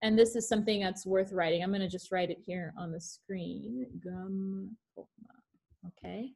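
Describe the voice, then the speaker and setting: A woman's voice: mid-range voice, fairly quick, creaky, warm tone. A woman teaching French pronunciation in an online class over a video call. She reads French examples carefully and adds playful asides.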